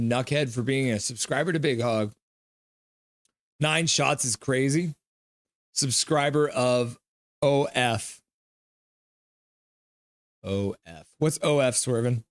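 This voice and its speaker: Young male streamer, mid pitch, dry close mic, reads chat aloud and calls the play. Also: no echo. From Canada. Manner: reads chat messages aloud, chatty, jumps into game commentary. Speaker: live stream host.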